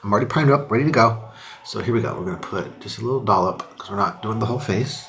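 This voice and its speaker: A man's voice: on the low side, fast, fairly bright tone. Chatty young man filming a makeup tutorial. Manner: chatty, upbeat, drops to whispers while applying. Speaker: beauty vlogger. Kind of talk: casual makeup tutorial chat.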